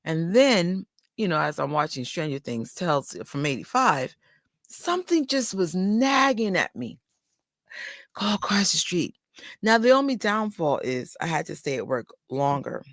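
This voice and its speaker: A woman's voice: fairly low pitch, sing-song, moderate pace, no echo, clean studio sound. A woman vlogger from New York chatting casually to her viewers, telling rambling stories full of fillers and asides. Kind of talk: casual livestream chat. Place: indoors under a bright light.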